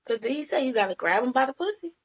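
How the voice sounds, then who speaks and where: A woman co-hosting a podcast in casual chat, chiming in often with quick agreement and questions. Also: high-pitched, very animated, slight background noise, low-quality recording. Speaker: podcast co-host.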